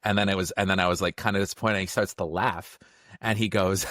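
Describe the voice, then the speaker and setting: A middle-aged man chatting casually as a podcast guest, telling stories quickly and acting out the lines of the people in them. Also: low voice, steady tone, a bit bright, dry recording, studio quality. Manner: fast storyteller, acts out quotes. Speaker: podcast guest, film critic. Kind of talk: casual chat.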